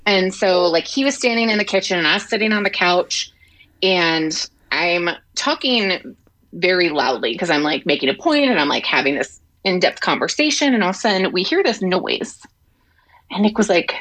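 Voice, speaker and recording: A woman co-hosting a podcast over a call, telling a story in casual chat, acting out quotes and leaning on "like". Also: normal speed. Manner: animated storyteller, acts out quotes with big pitch jumps; fillers like "like" and restarts. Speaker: podcast co-host. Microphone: remote call.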